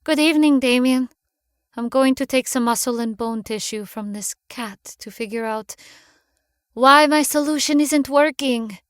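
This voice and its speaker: A woman voicing a young, obsessive and defiant Polish woman scientist in a horror story reading, shouting in fury at times. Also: high-pitched, a little slow, clean tone, dry recording, clean studio sound, voice pushed up. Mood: fond.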